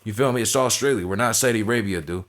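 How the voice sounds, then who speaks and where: A man's voice: on the low side, fast talker, fairly bright tone. Blunt, profane man reviewing wrestling. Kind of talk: casual opinionated review.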